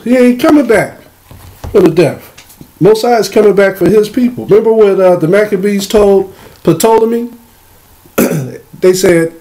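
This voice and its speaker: A man teaching a religious lesson. He reads verses slowly and then explains them in loose, casual speech. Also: high-pitched, expressive, warm tone. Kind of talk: scripture reading with commentary.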